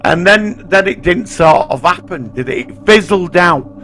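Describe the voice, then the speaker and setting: A man, co-hosting a casual podcast chat, blunt and opinionated and quick to swear. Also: high voice, expressive, fairly bright tone. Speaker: podcast co-host.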